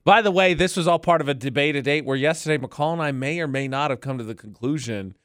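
A man co-hosting a casual radio show from a studio mic, playful and quick to laugh. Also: a little high, a bit bright, no echo. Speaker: radio co-host. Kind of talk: casual morning radio banter. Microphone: studio microphone.

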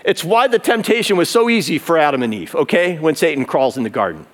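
A man's voice: a little high, expressive, fast talker. A man pastor preaching an emphatic sermon that builds in intensity, in a converted barn used as a church.

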